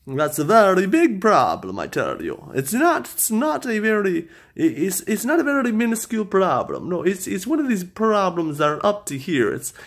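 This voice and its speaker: A man putting on a comic Borat-style accent for a ranting monologue, full of halting repetitions. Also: a little high, full character voice.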